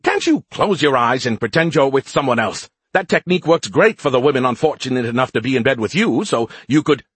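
A man's voice: medium pitch, animated, fairly quick, fairly bright tone, slightly rough, dry recording. A man voicing a perky, smug male AI in a beer can, teasing and snarky, for an audiobook. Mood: mocking. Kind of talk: audiobook character voice.

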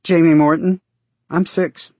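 A man voicing an excited, chatty six-year-old boy in an audiobook reading. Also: a little slow, no room sound. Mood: eager. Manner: high, eager, breathless chatter. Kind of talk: audiobook character voice.

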